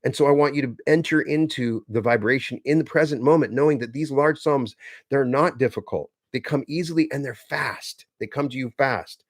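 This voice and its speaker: A man giving an earnest motivational teaching talk, slow and emphatic, repeating key phrases for stress. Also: mid-range voice, dry recording, studio quality. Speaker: self-help teacher.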